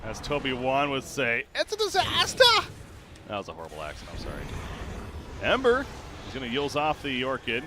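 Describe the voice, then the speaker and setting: A man giving live play-by-play commentary on a video game match, his pitch and volume surging during the fights. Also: very animated, fast, hardly any pauses, music in the background. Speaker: esports caster. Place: home streaming setup.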